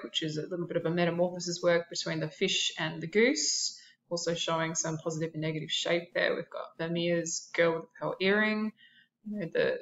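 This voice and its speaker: A woman's voice: lowish voice, fairly bright tone, roomy sound, highs cut off, slight background noise. A woman art teacher narrating a classroom lesson, explaining terms and listing examples with a few fillers.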